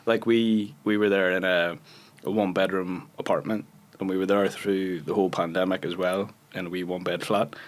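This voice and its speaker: A Northern Irish man in his thirties, a guest actor telling chatty anecdotes on a podcast and laughing often. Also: sits low. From Northern Ireland. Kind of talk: casual podcast chat.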